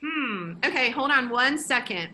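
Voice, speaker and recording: A woman presenting a live online workshop, energetic and chatty, often cutting herself off mid-sentence. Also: high-pitched, unhurried, low-quality recording. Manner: energetic, chatty, self-interrupting.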